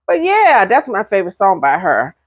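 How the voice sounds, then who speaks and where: A middle-aged woman talking casually to her viewers, giving relationship advice in a chatty, animated way. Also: medium pitch, normal speed, no echo, studio quality. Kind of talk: casual talk to camera.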